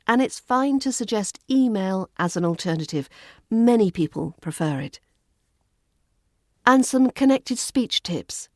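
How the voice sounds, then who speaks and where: A woman with a British RP accent teaching pronunciation in a scripted lesson, enunciating clearly and repeating words for practice. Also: medium pitch, lively intonation, unhurried, a little mellow, dry recording, studio quality. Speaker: accent coach.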